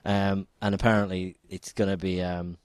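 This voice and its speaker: Deep-voiced man chatting on a podcast. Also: normal speed, clean tone, no room sound. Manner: relaxed, rambling with many ums. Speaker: podcast co-host. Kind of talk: casual chat.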